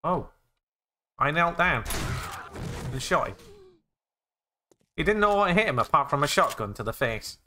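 A young man playing a zombie game, excitable and jokey, narrating his actions with "I said". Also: on the high side, a little slow, pauses often, a little hiss or hum. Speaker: gaming YouTuber.

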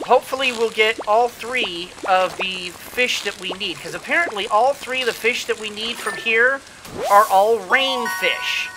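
A let's play host giving gameplay commentary, thinking aloud and cheering the game on with excited exclamations. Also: mid-range voice, a little slow, background noise.

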